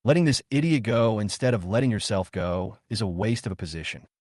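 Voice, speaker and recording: Male story recap narrator, low pitch, animated delivery, dry close sound. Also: a little fast, no room sound.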